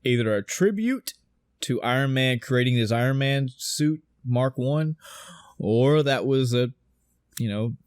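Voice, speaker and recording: A man co-hosting a podcast, excitedly retelling a film scene by scene, swearing and acting out the dialogue. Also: mid-range voice, unhurried, clear, resonant tone, no room sound. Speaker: podcast co-host. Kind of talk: casual film discussion.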